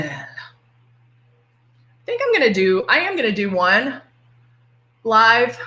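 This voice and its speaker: A woman's voice: medium pitch, very animated, slow, pauses often, sharp tone. A middle-aged woman with a Texan accent, a makeup artist chatting playfully through a live tutorial. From Texas. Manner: chatty and playful, greets viewers by name. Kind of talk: casual live-stream demonstration. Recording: echoey room.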